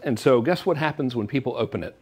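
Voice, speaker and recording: A man's voice: mid-range voice, lively intonation, fast, a little mellow, husky. A man giving a joking, salesy marketing talk straight to camera. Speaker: online marketing presenter.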